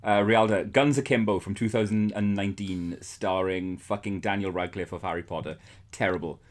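Sweary man, low voice. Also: fairly even intonation, normal speed. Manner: blunt, sweary, scathing. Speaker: podcast co-host. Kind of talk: casual chat.

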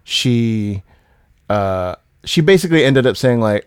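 A man's voice: mid-range voice, expressive, smooth, no echo, studio quality. A man co-hosting a podcast in casual chat, telling stories with many fillers and restarts. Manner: chatty storyteller, halting with fillers. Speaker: podcast co-host.

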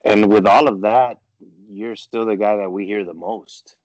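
A man hosting an interview, talking casually and enthusiastically, praising his guest with halting starts and fillers. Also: lowish voice, fairly even intonation, darkish tone, no echo, lo-fi sound. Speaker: podcast host.

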